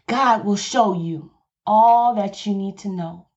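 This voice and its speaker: A woman's voice: mid-range voice, slow, darkish tone, highs cut off. A woman pastor with a Southern US accent, preaching passionately on a podcast and repeating her points. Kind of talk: podcast sermon.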